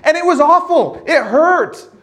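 A man giving a sermon as pastor of his church, talking in a relaxed, halting way with many restarts and telling stories with animation. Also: extremely high pitch. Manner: animated storyteller.

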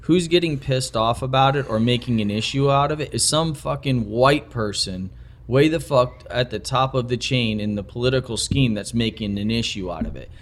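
A man's voice: mid-range voice, moderate pace. Blunt, foul-mouthed man on a podcast. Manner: blunt, swears freely. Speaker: podcast co-host. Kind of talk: casual opinionated chat.

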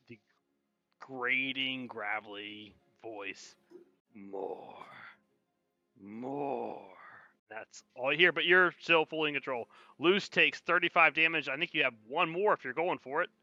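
Game master, male, very bright tone, dull dry lo-fi recording. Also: medium pitch. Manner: slows down for dramatic narration. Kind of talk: narrating a tabletop game.

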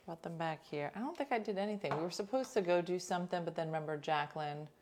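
Chatty woman with a lowish voice. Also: fast talker, a little hiss or hum. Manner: chatty, animated, drops into whispers for quoted asides. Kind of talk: casual storytelling to listeners.

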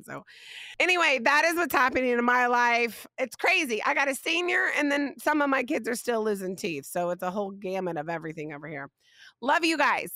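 A woman, hosting a podcast and telling a funny family story in a casual, animated way. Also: a little high, moderate pace, no echo. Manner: animated, laughing, rising emphasis on punchlines. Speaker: podcast host.

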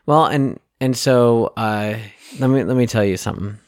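A man's voice: mid-range voice, moderate pace, a little mellow, dry recording, studio quality. A man co-hosting a podcast, telling joking stories in casual chat, with frequent restarts. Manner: rambling, jokey storytelling with restarts. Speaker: podcast co-host.

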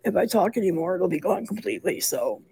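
A woman caller, hoarse and losing her voice, talking in a complaining way. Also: fairly low pitch, animated, quick pace, mellow, a little hiss or hum.

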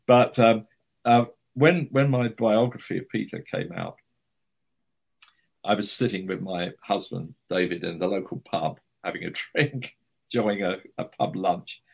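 Older husky-voiced man telling stories. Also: on the low side, unhurried. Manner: chatty storyteller, many restarts and fillers. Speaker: guest, writer. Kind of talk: anecdotal interview conversation.

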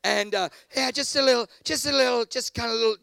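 A man preaching a sermon, dramatic, shifting from shouted peaks to quiet asides and acting out the people in his stories. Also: fast, vocal fry, clear, resonant tone, no echo. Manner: dramatic, swings from shouting to low asides, acts out characters.

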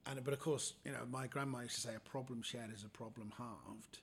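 A man's voice: mid-range voice, fairly even intonation, brisk, vocal fry, a little hiss or hum. A man, a comedian guest, telling stories in casual chat and acting out the people he quotes.

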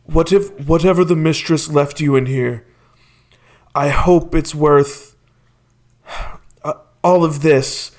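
A man voicing a weary old male stone golem guardian who speaks slowly and sorrowfully. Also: on the high side, a little mellow. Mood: resigned.

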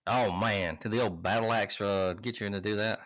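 A man's voice: fairly low pitch, fairly even intonation, brisk, fairly bright tone. A man co-hosting a podcast in casual chat, laid-back and crude, cracking jokes. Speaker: podcast co-host.

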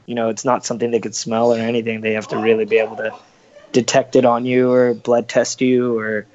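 Brief: cursing, rambling male storyteller, mid-pitched, dull lo-fi mic. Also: completely flat delivery, fairly quick, darkish tone. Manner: profane, rambling, acts out quoted voices. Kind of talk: casual storytelling.

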